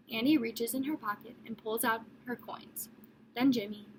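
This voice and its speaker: Woman reading a novel aloud, slightly high. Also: fairly even intonation, slight background noise, low-quality recording. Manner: measured, descriptive storytelling. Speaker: audiobook narrator. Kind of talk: first-person novel narration.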